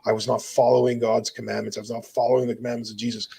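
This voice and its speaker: A man's voice: medium pitch, little pitch movement, very fast, vocal fry, warm tone. A young man earnestly recounting a near-death experience in casual speech, peppering it with "dude" and "bro". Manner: intense, earnest storytelling. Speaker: guest telling his near-death story. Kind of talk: emotional personal testimony.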